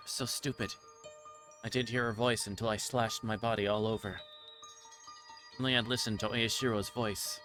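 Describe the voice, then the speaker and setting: A delirious, guilt-ridden young girl in a visual novel, read aloud by a man in his own fairly low voice. The reading loops back on itself in anguish and trips over the odd word. Game music plays clearly behind. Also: fairly bright tone, natural voice. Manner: repetitive, anguished, occasional stumbles over words. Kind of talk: dramatic reading of game text.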